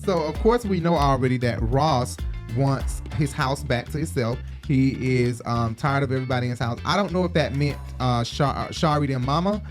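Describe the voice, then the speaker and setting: A man hosting a casual recap of a reality show in a mid-pitched voice. He sounds chatty and opinionated, and he pads his points with frequent ums. Faint music plays under him. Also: moderate pace.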